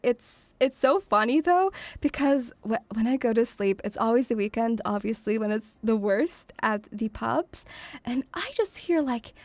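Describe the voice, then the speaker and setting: A woman's voice: a little high, expressive, a little slow, no echo. Playful doting woman streamer. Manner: playful, doting, rambling, teasing. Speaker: VTuber streamer. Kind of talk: casual debut stream chat. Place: home room, near pubs.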